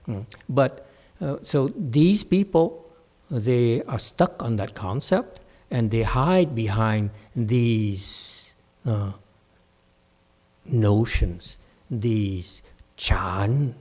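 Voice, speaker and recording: A man's voice: mid-range voice, a little mellow. A man giving a meditation dharma talk to a class, conversational and playful, checking in often with "okay?". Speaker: meditation teacher.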